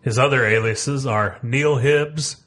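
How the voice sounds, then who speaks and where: A man's voice: medium pitch, takes it slowly, a bit bright. A man co-hosting a comic book podcast, hesitant with fillers, reading out character facts. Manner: hesitant, reads facts aloud. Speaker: podcast co-host. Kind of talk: casual comic book chat.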